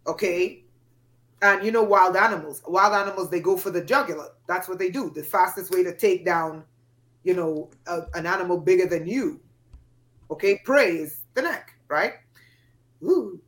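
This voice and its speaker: A woman's voice: fairly low pitch, moderate pace. A woman from Trinidad and Tobago, a podcast guest, telling a dramatic personal story with emphatic, acted-out voices. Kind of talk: storytelling in an interview.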